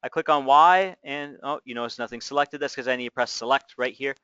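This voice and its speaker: Casual male tutorial host, reassuring step-by-step patter, smooth voice, slightly dull lo-fi recording. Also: mid-range voice, brisk, bright, forceful tone, no room sound. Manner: chatty, reassuring, narrates each click.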